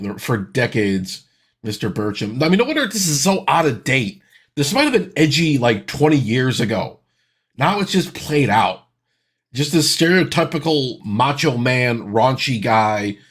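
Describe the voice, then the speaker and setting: A man's voice: mid-range voice, fairly bright tone, breathy edge. A man in his thirties hosting a reaction video, with sarcastic, exasperated ranting commentary.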